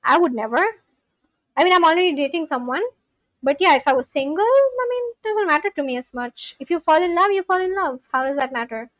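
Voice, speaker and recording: A woman's voice: high voice, sing-song, fairly quick, no room sound. A young woman livestreamer chatting casually with viewers, talking back to chat with loose, filler-heavy speech. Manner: talks back to chat, scolding and reassuring.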